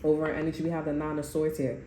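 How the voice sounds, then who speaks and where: This tarot reader's voice is low, monotone, and racing as she gives a casual reading, blunt and profane, rambling and repeating herself. The room is roomy, with echo and faint background noise.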